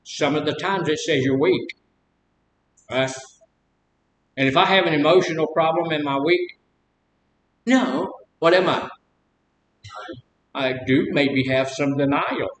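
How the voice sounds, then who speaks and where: Male counselor, slightly higher voice, casual group talk with questions and jokes, roomy echo. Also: unhurried, pauses often. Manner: conversational, asks the group questions, tells personal stories with humor. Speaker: addiction counselor leading a recovery group. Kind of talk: informal group talk on recovery. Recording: echoey room with faint rumble.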